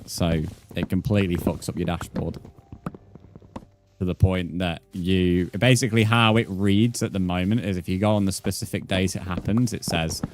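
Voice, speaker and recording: A young British man with a deep voice live-streams a game, chatting to viewers at normal speed in blunt, sweary, mock-outraged banter. His British English accent comes through over a noisy background.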